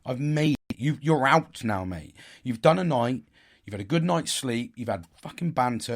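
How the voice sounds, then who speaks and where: A man telling a story in a casual, animated way. He swears a lot and laughs at himself. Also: mid-range voice. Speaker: podcast host.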